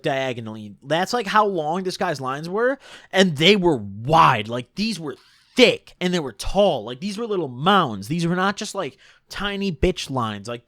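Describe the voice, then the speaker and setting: A young man casually telling a long story, rambling and animated, full of "like" and "dude". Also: a little high, no room sound, clean studio sound.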